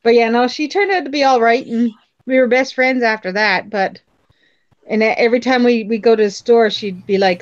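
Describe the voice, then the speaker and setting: A woman's voice: a little high, steady tone, normal speed, muffled recording. A woman from Newfoundland with a faint Newfoundland accent, telling stories in a casual group chat and laughing often. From Newfoundland, Canada. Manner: chatty storyteller, laughs often.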